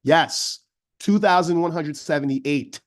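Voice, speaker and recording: Upbeat Jamaican man leading a webinar. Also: slow. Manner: high-energy, chatty, calls listeners friends. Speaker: educator giving an online training. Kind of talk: energetic webinar demo.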